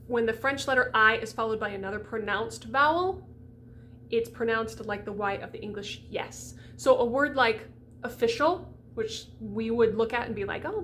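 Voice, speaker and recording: A woman voice coach giving a chatty, animated diction lesson for singers, demonstrating each sound. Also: a little high, a little hiss or hum.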